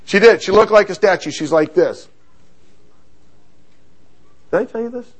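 Man, middle-aged, preacher, high voice, animated storytelling sermon. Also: normal speed.

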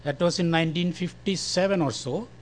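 An older man from India with a Malayalam-influenced Indian accent, giving a slow, careful church testimony. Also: fairly high pitch, slight background noise. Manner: slow, careful, friendly with short laughs. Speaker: guest speaker giving testimony.

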